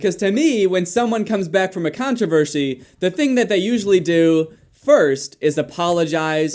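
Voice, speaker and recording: A man's voice: a little high, a little mellow. A man giving casual commentary, full of sarcastic, dry joking asides. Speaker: commentary YouTuber.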